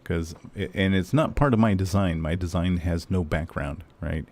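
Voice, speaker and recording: A man's voice: low-pitched, moderate pace, a little mellow. A man streaming a game, chatting casually and ranting with lots of swearing and fillers. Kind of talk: casual live-stream chat.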